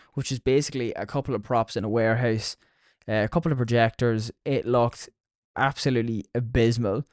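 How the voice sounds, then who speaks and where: A man's voice: mid-range voice, a little mellow, smooth, dry recording, clean studio sound. A young Irish man hosting a solo podcast, talking casually with plenty of swearing and mockery. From Ireland. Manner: sweary, mocking. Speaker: podcast host.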